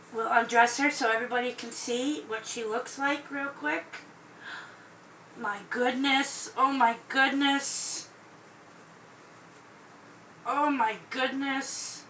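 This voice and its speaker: A woman with a high, bright-pitched voice talks through an excited unboxing vlog. She speaks slowly and lingers on each word, gushing and gasping in breathless delight. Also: slight background noise, rough recording. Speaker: vlogger unboxing a doll.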